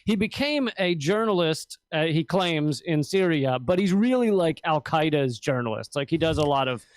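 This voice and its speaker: A fairly high-voiced man talks politics in a loose, rambling, animated way, cursing as he goes. The sound is dry and close, with no room echo around him. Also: moderate pace. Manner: rambling, animated, swears, mimics officials in a high voice. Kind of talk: casual political talk.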